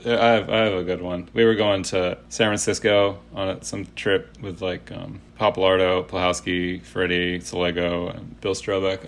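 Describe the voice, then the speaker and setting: A man's voice: low-pitched, flat delivery, normal speed, hardly any pauses. A man in his thirties telling stories casually as a podcast guest, rambling with many fillers and restarts. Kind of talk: casual storytelling.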